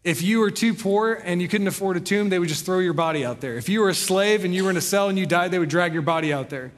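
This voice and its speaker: A young man preaching a sermon, reading scripture aloud and retelling it in a relaxed, conversational way. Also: high-pitched, fast, big-room sound. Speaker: pastor.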